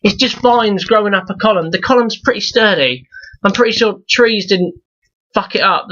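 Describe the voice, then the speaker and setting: A man's voice: high-pitched, pushed and bright, muffled recording. A young man ranting in a profane, rambling review vlog, exasperated and full of restarts. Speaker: YouTube reviewer.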